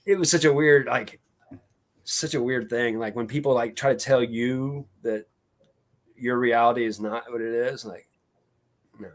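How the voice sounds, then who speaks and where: Speaking a little slowly with long pauses, this live-stream co-host has a medium-pitched voice and fairly even intonation. He rambles through long stories in a casual chat, full of fillers and restarts.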